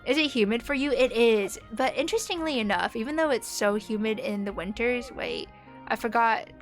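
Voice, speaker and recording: A woman's voice: on the high side, moderate pace, soft background music. A young woman from the United States with a neutral American accent, chatting casually with viewers while she plays a game, rambling with lots of fillers. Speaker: streamer.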